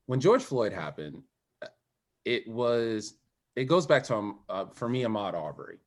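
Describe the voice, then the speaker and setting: A man's voice: fairly low pitch, unhurried. Guest: man, candid storyteller, voice rising and falling widely, emphatic. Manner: animated, emphatic, swings between quiet and raised. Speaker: guest, former Olympic swimmer. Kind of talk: candid personal storytelling in conversation.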